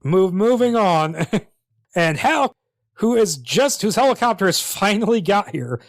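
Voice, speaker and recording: A man with a notably high voice talks through a screenplay in casual podcast chat. His delivery is wry and chatty, with bursts of laughter. The sound is dry and close, with no room around it. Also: no echo. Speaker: podcast co-host.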